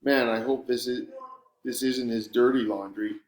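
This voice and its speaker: A man's voice: mid-range voice, steady tone, unhurried. Man narrating in a roomy room. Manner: sardonic, wry storytelling. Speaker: audiobook narrator. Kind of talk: first-person audiobook narration.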